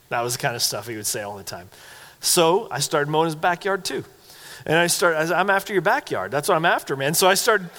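A man preaching a sermon in a church sanctuary, sounding conversational and earnest as he tells a personal story. His voice sits a little high for a man, and a long hall reverb trails each phrase. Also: a bit bright. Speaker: pastor.

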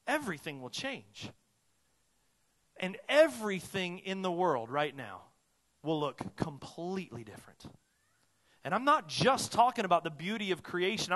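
Preaching man in a reverberant church hall. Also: high-pitched. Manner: dynamic preaching, swinging from loud urgent emphasis to hushed earnest tones. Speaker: pastor. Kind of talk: sermon.

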